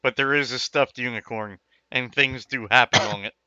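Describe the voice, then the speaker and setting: A man's voice: mid-range voice, fairly even intonation, moderate pace, pushed and bright, clean tone, no echo. A man chatting casually out of game with other players. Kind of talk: casual chat. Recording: dull lo-fi mic.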